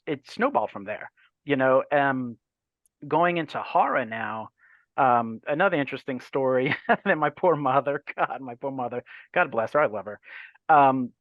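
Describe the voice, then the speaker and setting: A guest author from Louisiana, a man in his forties, animatedly recounts anecdotes on a relaxed podcast, mimicking voices and swearing without restraint. His voice is mid-range, with no echo and the highs cut off.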